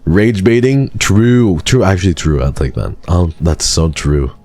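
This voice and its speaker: A man's voice: low voice, unhurried, a little mellow. An American man streaming live, chatting casually with viewers in a dry, sarcastic way. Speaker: livestreamer.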